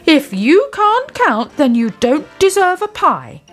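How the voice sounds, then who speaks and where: Storybook figure: grumpy scolding old lady, played by a woman, raised pitch. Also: very animated, slow, a bit bright, soft background music, exaggerated voice. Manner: scolding, cross.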